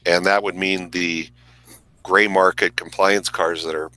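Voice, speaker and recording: A man on a podcast panel, explaining things in a relaxed, casual way. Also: low voice, measured pace, poor audio.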